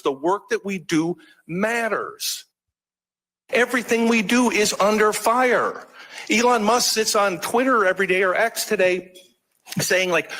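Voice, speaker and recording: Earnest high-voiced man from Wisconsin. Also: fairly bright tone, poor audio. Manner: earnest, emphatic. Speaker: speaker at an award event. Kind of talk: impassioned speech.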